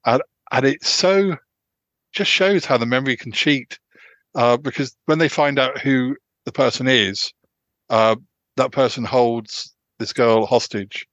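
A man hosting a casual podcast chat, talking haltingly with many restarts and fillers. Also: mid-range voice, fairly bright tone, no room sound. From United Kingdom. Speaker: podcast host. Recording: dull, lo-fi sound.

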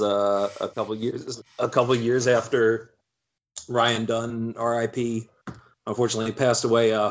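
Jokey man on a muffled recording. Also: mid-range voice. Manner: jokey, wry asides, profanity. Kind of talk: casual podcast chat.

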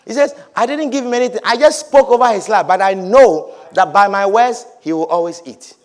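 A man preaching a sermon as a pastor, swinging between quiet, drawn-out words and shouted blessings. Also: high-pitched.

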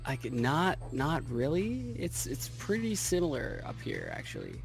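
A man's voice: fairly high pitch, wildly swooping pitch, a little slow, creaky, faint music behind. A man from Toronto in a casual chat, hesitant and searching for his words. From Toronto, Canada.

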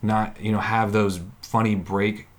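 A man co-hosting a podcast who chats casually and enthusiastically, often halting and restarting his sentences. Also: lowish voice, little pitch movement. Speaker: podcast co-host. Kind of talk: casual chat about a TV series.

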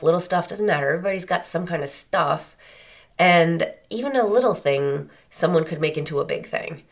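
A woman's voice: sits low, creaky. A woman hosting a solo podcast, talking in an earnest, conversational way with many rhetorical questions. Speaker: podcast host. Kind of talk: reflective solo podcast monologue.

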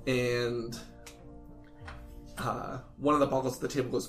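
A man running a tabletop game, talking through each scene loosely with plenty of "uh" and "like". His voice sits at an ordinary pitch and carries a roomy echo, with faint music underneath. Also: level tone, unhurried, fairly bright tone. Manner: rambling, filler-heavy scene narration. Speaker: game master.

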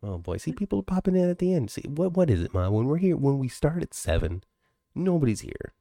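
A man's voice: fairly high pitch, big pitch swings, a little fast, creaky, dark tone, no echo, clean studio sound. A man co-hosting a podcast over a video call, chatting casually and laughing often. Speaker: podcast co-host. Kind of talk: casual chat. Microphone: home computer mic, video call.

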